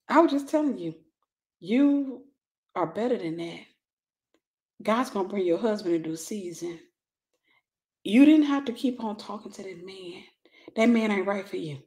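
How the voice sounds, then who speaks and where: A middle-aged woman giving a lively, conversational sermon, acting out little scenes and laughing as she teaches. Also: mid-range voice, moderate pace, pauses often. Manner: animated, acts out gossip with voices, laughs. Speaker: Christian teacher.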